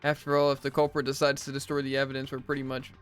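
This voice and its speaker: A man streams a let's play of a visual novel, voicing every character's lines himself and tossing in jokey asides. His voice is medium-pitched, fast, a bit bright and monotone, with a clean tone and faint music in the background.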